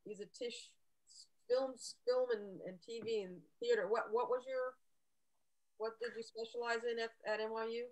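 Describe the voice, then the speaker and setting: A woman's voice: on the high side, steady tone, normal speed, a little mellow, rough recording. A woman co-hosting a chat show, asking a guest friendly questions and often trailing off mid-sentence. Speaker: co-host. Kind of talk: casual interview chat.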